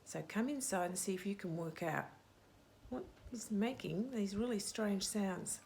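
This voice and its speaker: A woman's voice: medium pitch, a little slow, vocal fry, darkish tone, slight background noise. A middle-aged woman hosting story time, reading a picture book aloud to children with dramatic whispers and playful sound effects.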